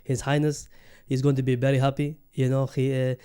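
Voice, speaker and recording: A man's voice: medium pitch, level tone, fairly quick, mellow, smooth, natural voice. A man voicing a proud, gushing male Arab football fan with an Arabic-accented English, rambling grandly with many fillers.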